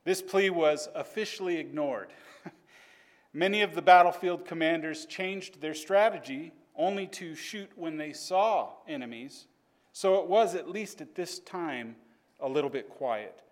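Guy telling his class a story, voice on the higher side, earnest and measured.

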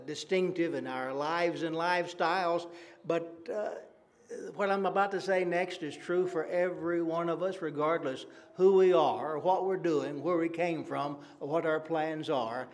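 A man's voice: a little high, steady tone, a little slow. A man preaching an evening sermon in an earnest, conversational way, using rhetorical questions and frequent fillers.

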